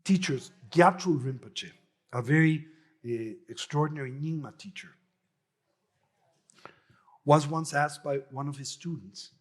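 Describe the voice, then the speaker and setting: Husky man teaching dharma. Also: on the high side, a little slow, pauses often. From Mexico. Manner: anecdotal, tags phrases with a questioning "no?". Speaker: Buddhist teacher. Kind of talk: dharma talk with storytelling.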